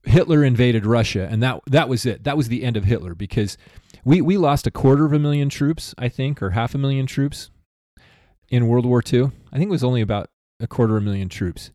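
A man's voice: medium pitch, fairly quick, no room sound, studio quality. A man hosting a podcast, talking casually and rambling a little, often stopping to correct himself. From United States. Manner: rambling, self-correcting, animated aside. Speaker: podcast host. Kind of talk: casual chat.

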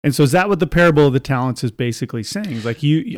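A man's voice: on the high side, lively intonation, rapid-fire, hardly any pauses, no echo. A man co-hosting a podcast, chatting casually about faith and telling short stories with dry humor. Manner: conversational, anecdotal, dry humor. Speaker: podcast co-host. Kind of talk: casual religious discussion.

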